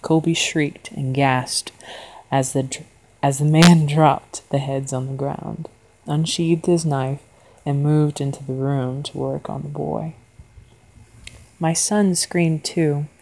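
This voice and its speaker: A woman narrating a horror story in a quiet, deliberate manner. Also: low-pitched, fairly even intonation, vocal fry, low-quality recording.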